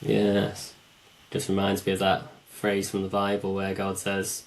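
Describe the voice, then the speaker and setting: A man's voice: sits low, monotone, measured pace, vocal fry. A man hosting a podcast conversation, reflective, building his ideas in repeated phrases. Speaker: podcast host.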